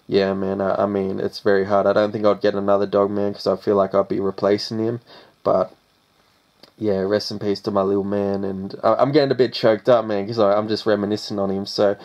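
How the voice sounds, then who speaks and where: A man's voice: fairly low pitch, creaky, a little mellow, muffled recording. A young Australian man, a rapper, answering interview questions in a casual, laid-back way and saying "man" after most phrases.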